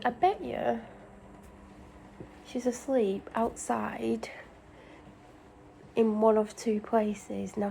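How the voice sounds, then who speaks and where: A woman's voice: medium pitch, vocal fry, warm tone, a little hiss or hum, poor audio. A tired woman rambles in casual chat about her day while cooking in her home kitchen. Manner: rambling, chatty, self-deprecating. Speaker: vlogger.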